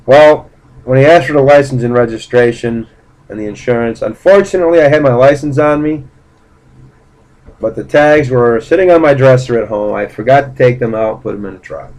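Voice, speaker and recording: A man's voice: medium pitch, brisk, darkish tone, poor audio. Blunt, profane man telling a story. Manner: blunt, profane, indignant retelling; rambling with fillers and restarts. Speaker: vlogger. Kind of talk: casual storytelling.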